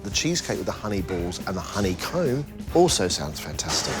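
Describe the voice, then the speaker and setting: A man judging a cooking competition, weighing each dish in a measured way. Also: deep voice, big pitch swings. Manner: measured, evaluative. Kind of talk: judge's commentary. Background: background music.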